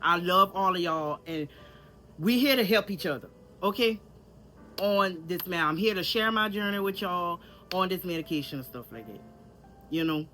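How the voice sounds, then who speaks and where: A vlogger with a country Louisiana accent talks casually and candidly to camera, chatting, repeating herself and addressing viewers directly. Her voice is fairly low, bright and forceful at a moderate pace, with soft music in the background.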